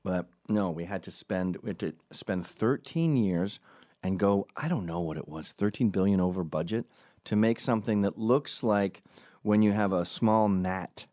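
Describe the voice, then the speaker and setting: A man's voice: low voice, a little mellow, no room sound, clean studio sound. A man hosting a podcast who talks through a casual comic monologue in a profane, rambling and sarcastic way.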